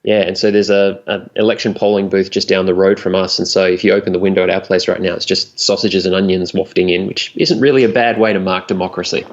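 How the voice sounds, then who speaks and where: A wry South Australian man in his forties chats easily as a guest, his voice sitting low in pitch. The sound is muffled and lo-fi, like an online call. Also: little pitch movement, fast talker, few pauses. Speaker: guest, wrestling commentator. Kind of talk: casual chat.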